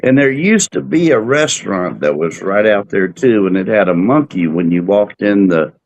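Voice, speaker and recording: A man, co-hosting a live cruise talk show, telling folksy stories in a relaxed, unhurried way. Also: on the low side, highs cut off. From Texas. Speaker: podcast co-host. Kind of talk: casual chat, storytelling.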